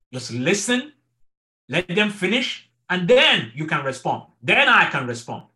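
Teaching marriage online like a sermon, this middle-aged pastor speaks earnestly, repeating words to underline every point. The voice is fairly high-pitched and sharp.

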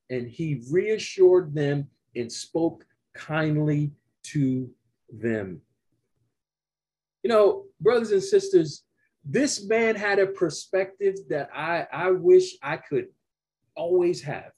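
Middle-aged guy preaching, fairly high voice, slow and earnest, lots of restarts. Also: expressive, darkish tone, husky, rough recording. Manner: earnest, unhurried storytelling with many restarts. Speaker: pastor. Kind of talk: sermon.

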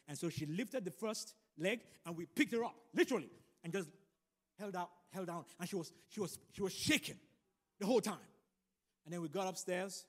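A middle-aged man preaching a sermon and telling a personal story, animated and building to loud emphatic peaks. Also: high-pitched, fairly quick. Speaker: pastor. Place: large church room. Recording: long hall reverb.

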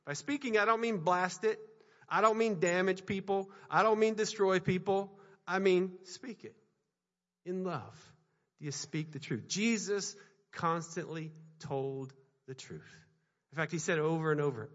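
Male preacher, earnest confessional sermon, somewhat high voice, long hall echo. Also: expressive, normal speed, a bit bright. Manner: earnest, confessional storytelling with repeated phrases. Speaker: minister. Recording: dull sound with long hall reverb.

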